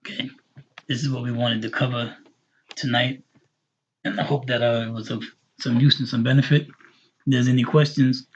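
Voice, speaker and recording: A man teaching an introductory Arabic class, patiently repeating words slowly for his learners. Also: medium pitch, steady tone, a little hiss or hum. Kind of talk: online class lesson. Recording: dull lo-fi recording.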